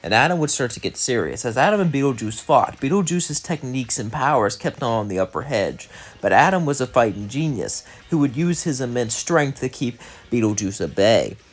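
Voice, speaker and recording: An expressive young man with a mid-range voice tells a fan-made story on his channel at a moderate pace. He strings events together casually with "as" and "would say," then rambles chattily through an outro full of fillers.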